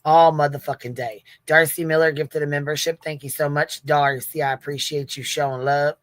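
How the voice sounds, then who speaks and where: A woman's voice: sits low, fairly even intonation, normal speed, dry recording. A woman hosting a livestream in casual commentary, brash and profane, often breaking into laughter. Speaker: livestream host.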